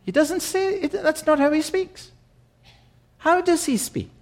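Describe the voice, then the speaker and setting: A man preaching a sermon, slow and emphatic, repeating key phrases for weight. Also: very high-pitched, expressive.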